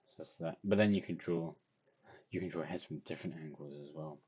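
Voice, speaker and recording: A man's voice: extremely low pitch, a little fast, darkish tone, slightly rough, highs cut off. A tired young man, rambling and self-deprecating as he talks through his drawing in a casual video diary. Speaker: vlogger.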